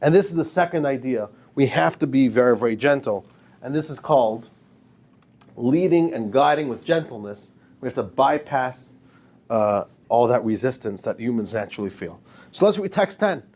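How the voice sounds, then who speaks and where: A man's voice: mid-range voice, lively intonation, normal speed, a little mellow. A man, a rabbi, giving an informal, emphatic lecture to a class, joking with his students.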